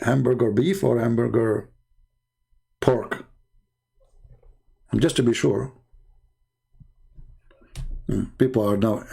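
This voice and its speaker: A man hosting a live debate channel, telling a mocking story in a sarcastic, jokey, animated way. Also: on the low side, gravelly, slightly rough.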